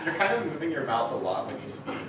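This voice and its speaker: A man student in a workshop, making animated, laughing remarks. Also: on the high side, fast. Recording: distant voice in an echoey classroom with loud noise.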